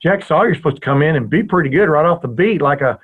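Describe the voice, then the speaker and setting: Southern-accented male podcast host, husky, tinny phone-line sound, dry quips. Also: on the high side, expressive, fast talker. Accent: Southern American. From Southern United States. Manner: joking, brief interjections. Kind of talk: casual chat.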